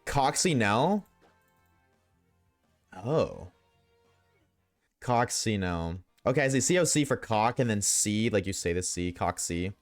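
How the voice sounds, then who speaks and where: A man's voice: on the low side, expressive, fairly quick, hardly any pauses, no room sound, soft background music. Profane joking young male streamer. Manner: profane, joking, talks back to chat. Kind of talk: casual gaming livestream chat.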